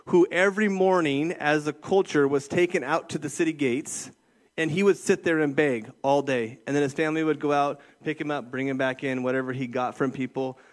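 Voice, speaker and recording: A middle-aged man preaching a casual sermon as a youth ministry director, checking in with listeners with frequent "okay?" and "right?". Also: fairly high pitch. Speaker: youth pastor.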